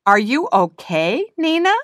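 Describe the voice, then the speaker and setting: A gentle, firm old grandmother bird, read by a woman. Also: medium pitch, big pitch swings, slow pace, no echo, clean studio sound. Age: older. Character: calm elderly grandmother nandu bird. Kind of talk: storybook reading.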